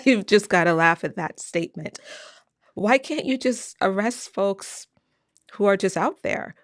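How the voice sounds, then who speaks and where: A woman hosting an immigration news show, talking casually to viewers with many fillers and quick questions. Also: medium pitch, lively intonation, dry recording, studio quality. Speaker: immigration lawyer and host. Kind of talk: casual news commentary to camera.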